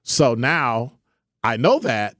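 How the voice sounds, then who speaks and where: A man co-hosting a radio talk show, bantering casually in an animated, playful, argumentative way. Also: mid-range voice, slow, dry recording, clean studio sound. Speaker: radio co-host.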